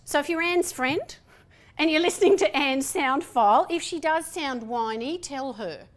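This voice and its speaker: A middle-aged woman with a broad Australian accent giving a chatty, animated conference talk in a lecture hall, acting out little dialogues as she goes. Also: sits high. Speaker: conference speaker.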